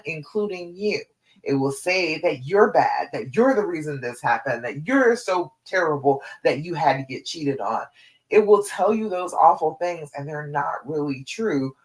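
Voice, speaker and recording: A woman's voice: low-pitched, low-quality recording. A woman relationship coach giving a live stream talk, direct and encouraging, repeating her key points.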